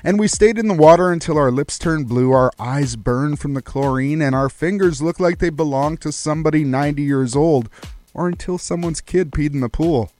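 A man's voice: on the high side, normal speed, a little mellow, soft background music. A man hosting a radio show, telling folksy stories and reading the weather in a playful way. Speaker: radio host. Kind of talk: storytelling and weather read on radio.

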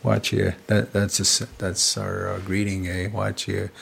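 A man from Canada telling traditional star stories in an unhurried, conversational way, often tagging his phrases with "eh?". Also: low-pitched, completely flat delivery, vocal fry, a bit bright, breathy edge. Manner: unhurried, repetitive, ends phrases with "eh?". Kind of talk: casual storytelling conversation.

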